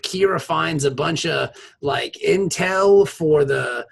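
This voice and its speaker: Gravelly, husky co-host cracking crude jokes. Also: female voice, deep voice, slow. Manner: laughs often, profane, animated quoted voices. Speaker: podcast co-host. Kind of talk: crude comedic recap.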